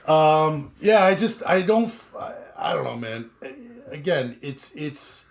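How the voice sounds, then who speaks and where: A man with a Long Island accent co-hosting a podcast, speaking in a halting, blunt way and often restarting his sentences. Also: on the high side, expressive, creaky. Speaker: podcast co-host. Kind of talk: casual chat.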